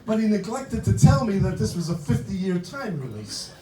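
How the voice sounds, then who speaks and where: Over music, an older man performs a punchy, conversational stand-up routine on a club stage. His voice is high and sing-song at a moderate pace, and the mic picks him up from far away in a roomy hall.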